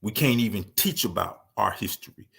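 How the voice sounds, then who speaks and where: Man, gravelly voice, emphatic commentary monologue, repeats phrases for stress. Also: on the low side, expressive, fairly quick, fairly bright tone. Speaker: speaker.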